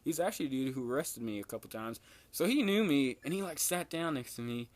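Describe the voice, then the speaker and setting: A young man is telling a story from his school days. His pitch is average, and he speaks in a loose, slangy way that is full of swearing. He keeps the story going with lots of filler words, and his voice leaps up when he acts out quoted lines. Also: animated, quick pace, no echo. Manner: laid-back slangy storytelling, swears a lot, jumps high for quoted lines. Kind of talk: casual storytelling.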